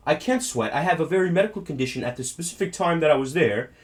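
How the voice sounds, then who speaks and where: A man's voice: on the high side, animated, quick pace, natural voice. A man putting on a pompous British aristocrat. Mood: haughty defensive.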